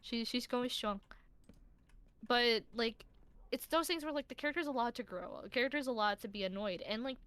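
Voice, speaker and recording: A woman's voice: a little high, fast talker, fairly bright tone, no echo. Chatty young woman, rambling and earnest. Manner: rambling, filler-heavy, earnest defending characters. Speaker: streamer and roleplay series member. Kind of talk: casual chat about a roleplay series.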